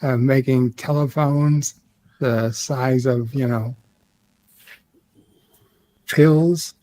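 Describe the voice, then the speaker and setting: A man in a casual live-stream chat, deadpan and joking with a mock-sinister edge. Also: medium pitch, drawn-out words, no room sound.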